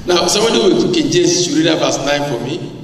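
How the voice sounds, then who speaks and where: A man preaching a sermon, animated, who often asks the congregation questions. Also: fairly high pitch, brisk. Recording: echoey church hall, distant mic.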